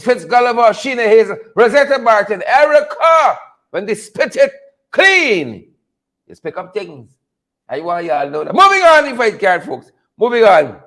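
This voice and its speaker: A man with a Guyanese accent hosts a casual live political commentary show, his voice extremely high-pitched and fairly bright. He repeats himself, chuckles, and reads out viewers' names as he calls them out.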